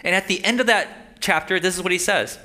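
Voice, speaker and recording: A man's voice: high-pitched, fairly quick, pushed and bright. A man preaching a sermon, reading scripture aloud with rising emphasis and often asking his listeners "right?". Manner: asks the audience "right?" and "Amen?". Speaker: pastor.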